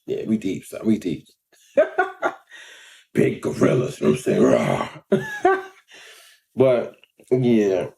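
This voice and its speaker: A man's voice: on the low side, huge pitch swings, takes it slowly, gravelly, long pauses, darkish tone. A man, telling slangy stories in a casual vlog and laughing often. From Long Island, New York. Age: 40s. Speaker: vlogger and rapper.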